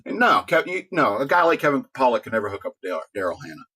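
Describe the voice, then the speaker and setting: A man's voice: medium pitch, big pitch swings, quick pace, bright, forceful tone, husky, soft background music. A middle-aged man hosting a talk radio show, rambling casually, joking, laughing often and restarting his words.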